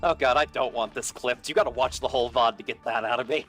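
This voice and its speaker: A man's voice: medium pitch, quick pace, a bit bright, soft background music. Rambling man chatting over a game. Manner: rambling, self-correcting, laughs at himself. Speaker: co-streamer. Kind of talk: casual chat while gaming.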